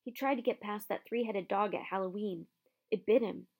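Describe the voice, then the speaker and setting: A woman's voice: mid-range voice, moderate pace, creaky, darkish tone. A woman voicing an eager, earnest young schoolboy wizard in an audiobook reading.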